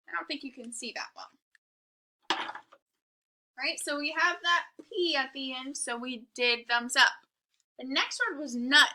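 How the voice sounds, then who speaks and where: Brief: young woman teacher, high and very bright voice, slow and clear sounding-out for early readers. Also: animated. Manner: slow, exaggerated sounding-out of letters and words. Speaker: kindergarten teacher. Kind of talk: recorded phonics lesson for young children.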